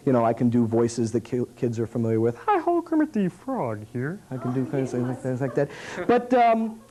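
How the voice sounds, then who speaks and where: Animated, mellow-voiced puppetry teacher. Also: male voice, mid-range voice, low-quality recording. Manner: animated, demonstrative. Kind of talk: workshop teaching.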